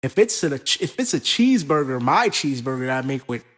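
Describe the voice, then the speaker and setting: A man co-hosting a casual podcast, talking in an animated, profane, rambling way. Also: mid-range voice, a little fast. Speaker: co-host.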